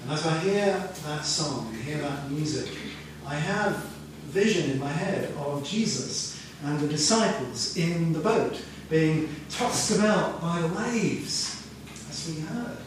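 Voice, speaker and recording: A man delivers a sermon in a relaxed, conversational way, telling the story slowly and with a fairly high voice. He sounds distant from the microphone, in a very echoey room with faint ambient noise behind him. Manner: conversational, storytelling, half-sings lyrics. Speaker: preacher.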